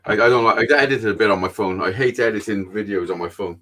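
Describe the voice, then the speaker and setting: A man's voice: fairly low pitch, fast, bright, forceful tone. Sweary, rambling man on a livestream. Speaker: livestream host. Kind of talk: casual chat.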